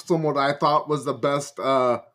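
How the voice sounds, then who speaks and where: A man's voice: mid-range voice, fairly even intonation, a little slow, fairly bright tone. A man with a Chicago accent, co-hosting a podcast, chatting casually and enthusiastically, often with hesitant starts. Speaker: podcast co-host. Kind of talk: casual chat.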